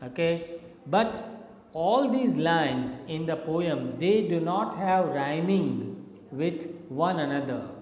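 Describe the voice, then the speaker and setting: Slow, patient man lecturing in an echoey room. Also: on the high side, lively intonation, a little mellow. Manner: patient, repetitive explaining with frequent "okay". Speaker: literature teacher. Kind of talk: slide lecture.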